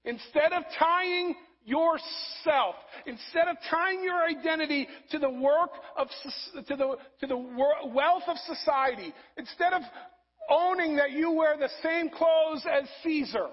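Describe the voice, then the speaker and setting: A man preaching a sermon, rising to loud emphasis and dropping to soft, low passages. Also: measured pace, muffled recording. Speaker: pastor.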